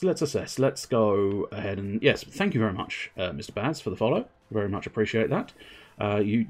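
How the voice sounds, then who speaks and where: A man's voice: lowish voice, breathy edge. A man giving rambling, jokey, self-mocking commentary while he plays on a live stream. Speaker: game streamer.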